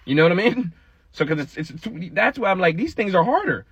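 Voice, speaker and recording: A chatty man talking straight to his viewers, slightly husky and rough-edged. His animated asides sound dull and lo-fi, dry and close to the mic. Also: high voice, fast talker, dry recording. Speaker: vlogger. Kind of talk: casual read-aloud vlog.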